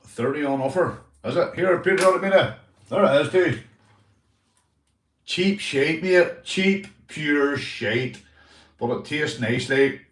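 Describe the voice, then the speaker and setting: A man's voice: fairly high pitch, expressive, slow, long pauses. A Northern Irish man hosting a casual livestream chat, rambling and swearing, calling everyone mate. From Northern Ireland. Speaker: livestream host. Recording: echoey room, mic at a distance.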